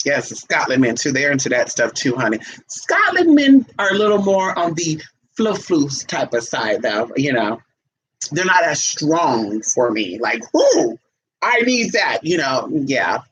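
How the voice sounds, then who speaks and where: A woman's voice: very deep voice, unhurried, slightly rough, poor audio. A woman telling stories in a casual monologue, sassy and brash, calling her listeners honey and slipping into other people's voices. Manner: animated, jumps into quoted voices. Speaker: vlogger.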